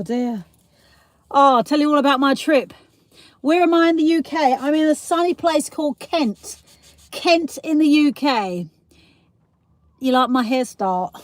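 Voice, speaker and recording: High-voiced South East London woman, rambling. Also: dry recording. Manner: rambling, giggly storytelling with casual swearing. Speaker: livestream host. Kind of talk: casual live-stream chat.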